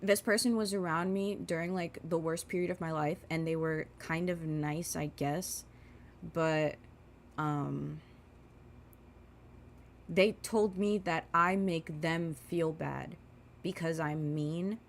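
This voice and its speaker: A woman's voice: deep voice, steady tone, takes it slowly, a little hiss or hum. A woman in her twenties ranting casually as she does her makeup, rambling and swearing, with lots of filler words. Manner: rambling and profane, with many fillers. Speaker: vlogger.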